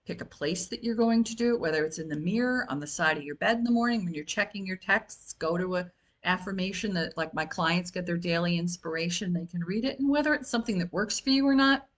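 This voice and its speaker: A woman in her late fifties talks through a wellness lesson like a coach with her clients. She speaks in a loose, chatty way, full of ums and self-corrections, in a voice sitting a little low for a woman. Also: fast. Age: 50s. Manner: chatty, with many fillers and restarts. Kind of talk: informal talk on self-help.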